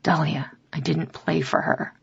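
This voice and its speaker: A woman voicing a brooding young male musician who speaks softly and low in a romance audiobook. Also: fairly even intonation, measured pace, creaky, breathy edge, dry recording, muffled recording, heavily acted. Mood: hushed tender. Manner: hushed, low and tender.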